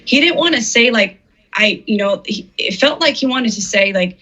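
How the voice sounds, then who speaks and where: A middle-aged woman, an artist being interviewed, tells her personal story earnestly and emotionally, acting out the words of people she quotes. Her voice is on the high side and sharp at a moderate pace, in slightly dull, muffled audio.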